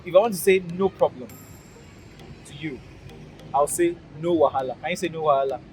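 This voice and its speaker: Standing by a busy road, a Nigerian-accented channel host teaches pidgin in a relaxed outdoor lesson. His voice is a little high and a little fast, music sits in the background, and he stays upbeat and emphatic, patiently repeating phrases.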